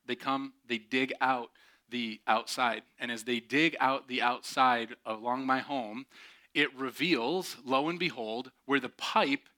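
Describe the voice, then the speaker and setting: Bright-voiced man preaching a sermon. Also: medium pitch. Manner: animated storyteller, mimics other people with exaggerated voices. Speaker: pastor. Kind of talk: sermon with storytelling.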